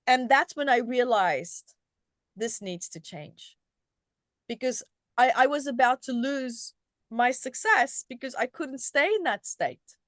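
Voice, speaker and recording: A middle-aged woman from South Africa with a fairly high voice speaks as an interview guest. She tells a personal story in an animated, conversational way and often restarts her sentences. The sound is close and dry, with no room echo. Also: takes it slowly. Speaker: guest, self-help author.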